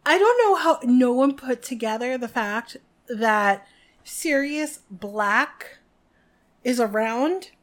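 Woman co-host, fairly high voice, animated and giggly, casual book chat. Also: slow. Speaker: podcast co-host.

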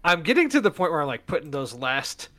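A man chatting on a podcast in a fairly high, lively voice, swinging up and down as he tells a story. He acts out the lines of people in his anecdotes. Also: fairly quick. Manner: animated storyteller, acts out quoted dialogue. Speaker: podcast co-host. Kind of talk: casual chat.

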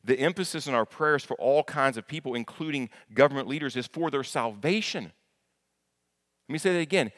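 A man's voice: mid-range voice, animated, a little fast, a bit bright. A man preaching a sermon to his congregation, emphatic, repeating key words and asking them questions, often stumbling and restarting. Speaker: pastor.

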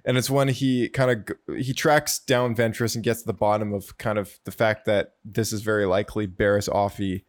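A man's voice: fairly low pitch, level tone, moderate pace, hardly any pauses. A man in a casual discussion, speaking chattily with frequent "like" and repeated words. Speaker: podcast co-host.

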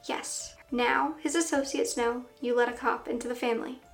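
A woman's voice: on the high side, fairly even intonation, normal speed, gravelly, faint music behind. A woman voicing a worried middle-aged mother whose talk turns serious and confessional. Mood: grave. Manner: soft, then serious and confessional.

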